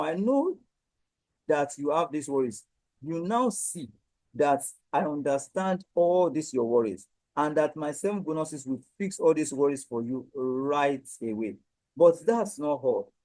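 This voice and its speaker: Nigerian guy hyping his course, kinda high voice, dry close sound, keeps repeating himself. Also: darkish tone, dry recording, rough recording. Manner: repetitive, emphatic, persuasive. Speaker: sales coach. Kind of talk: direct-to-camera sales pitch.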